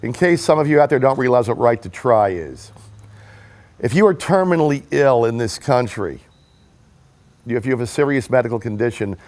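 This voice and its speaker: A man's voice: medium pitch, lively intonation, moderate pace, a little mellow. Earnest man telling a personal story. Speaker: political rally supporter giving a testimonial. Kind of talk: personal story told to the camera.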